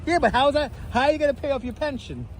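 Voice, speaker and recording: A man's voice: very high-pitched, very animated, racing. A man hosting a casual live stream as he walks outdoors, loose and profane, thanking viewers as he goes. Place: city streets outdoors. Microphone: wireless clip mic. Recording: outdoor street with light traffic noise.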